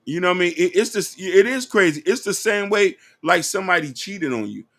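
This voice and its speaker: A man's voice: sits high, expressive, fairly quick, a bit bright. A man hosting, casually commenting on a clip, rambling with stumbling restarts. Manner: rambling, with stumbling restarts and "you know what I mean". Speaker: host reacting to a clip.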